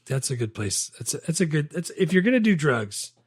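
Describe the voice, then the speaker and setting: A man's voice: fairly high pitch, very animated, fairly quick, husky, no echo, clean studio sound. A man from the American South with a Southern accent, co-hosting a casual, jokey movie chat. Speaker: podcast co-host.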